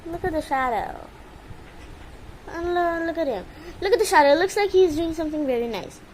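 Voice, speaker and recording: In this casual phone vlog, a woman talks to her pet bird indoors while a fan runs, alternately cooing and scolding it in baby talk. She speaks briskly and animatedly in a very high-pitched voice with a darkish tone. The recording is poor and carries slight background noise.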